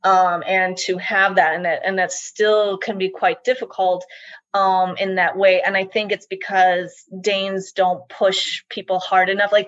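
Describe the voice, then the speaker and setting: A woman's voice: medium pitch, a bit bright, dry recording. A woman giving a casual interview, thinking aloud with frequent restarts and fillers. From United States. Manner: hesitant, many restarts and likes, reflective. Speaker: interview guest. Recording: dull, slightly muffled dry sound.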